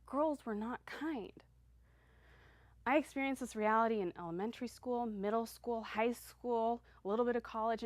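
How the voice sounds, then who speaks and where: A woman's voice: a little high, no echo. Earnest woman speaker, dry close sound. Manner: earnest, heartfelt, with slow emphatic affirmations. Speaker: motivational speaker. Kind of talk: personal motivational talk.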